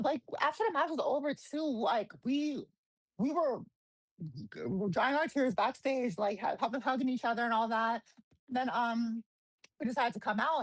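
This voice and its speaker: A woman, a guest wrestler, telling stories in a casual interview, animated, swearing freely and acting out quotes. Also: a little high, no echo, low-quality recording. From New Jersey.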